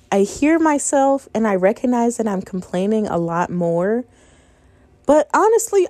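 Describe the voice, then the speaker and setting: A woman's voice: a little high, mellow, no room sound. Exasperated young woman telling stories. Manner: frank, exasperated storytelling with frequent laughter. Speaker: podcast host. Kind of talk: casual monologue.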